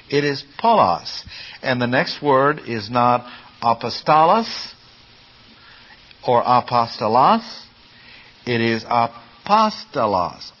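A man's voice: medium pitch, a bit bright, highs cut off. A man teaching a class on Bible Greek, explaining patiently step by step and putting questions to his listeners. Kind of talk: classroom lecture.

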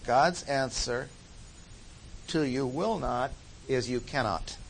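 A man's voice: mid-range voice, slow pace, gravelly, a little hiss or hum, poor audio. A man teaching a Bible study lecture in an emphatic way, repeating key phrases for stress.

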